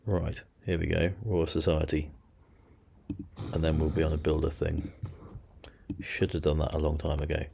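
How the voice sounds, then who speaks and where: Deep dark-voiced guy muttering through his strategy game, faint hiss behind. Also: completely flat delivery, normal speed, gravelly, pauses often. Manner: muttering to himself, self-deprecating asides. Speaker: let's play host. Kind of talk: casual strategy game commentary.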